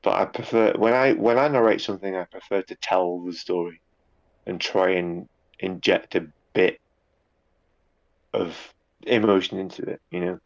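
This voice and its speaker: A man's voice: sits low, moderate pace, lo-fi sound. A man chatting casually in an interview, rambling a little with repeated words and fillers. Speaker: guest, YouTube narrator.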